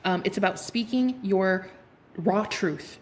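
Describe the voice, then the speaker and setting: A woman's voice: medium pitch, slow pace, slight background noise. A woman giving a casual tarot reading to her viewers, sassy and playful, laughing often, swearing and calling them honey. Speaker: tarot card reader.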